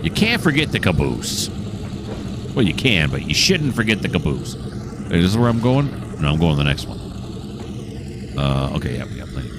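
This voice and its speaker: A low-voiced man rambles through a train simulator session, his pitch swinging widely as he thinks aloud and teases himself. Loud idling engine noise from the game runs under his voice. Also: big pitch swings, moderate pace, long pauses. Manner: thinks aloud, chatty and self-mocking. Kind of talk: casual gameplay commentary.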